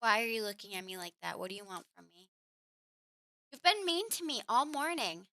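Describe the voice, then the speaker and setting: A woman's voice: fairly high pitch, big pitch swings, brisk, bright, forceful tone, no echo. A woman live-streaming a game from home, chatting casually and cooing at and scolding her cat between remarks. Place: home room.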